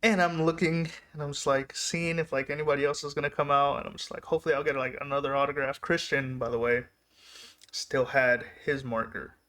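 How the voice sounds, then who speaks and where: Speaking fairly quickly in a level tone, this medium-pitched man sounds pushed and bright. He's vlogging a personal story, chatty and meandering, frequently stopping mid-sentence to restart.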